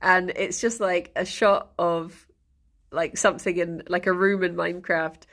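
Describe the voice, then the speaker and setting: A woman's voice: on the low side, steady tone, measured pace, fairly bright tone. A woman streamer chatting casually on a live stream, rambling and often breaking into laughter.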